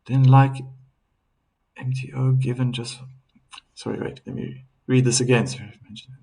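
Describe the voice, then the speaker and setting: A man calling a tennis match live on a stream, chatty and relaxed, reading out viewer comments and laughing now and then. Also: mid-range voice, moderate pace, creaky, poor audio. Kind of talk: casual live play-by-play commentary.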